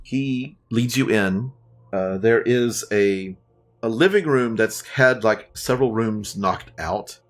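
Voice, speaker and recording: A man's voice: lowish voice, slow pace. A man narrating a tabletop game as dungeon master, in a loose, casual way.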